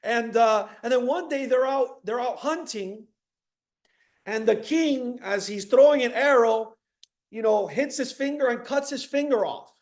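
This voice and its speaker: A man from Miami giving a high-energy motivational talk to an audience, repeating key phrases and asking the crowd questions. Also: a little slow. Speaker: motivational speaker.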